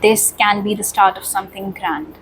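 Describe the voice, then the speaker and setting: A woman's voice: mid-range voice, fairly even intonation, moderate pace, fairly bright tone, slight background noise, rough recording. A woman giving a pick-a-card tarot reading, talking straight to viewers in a reassuring way. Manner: reassuring, addresses viewers directly. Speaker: tarot reader.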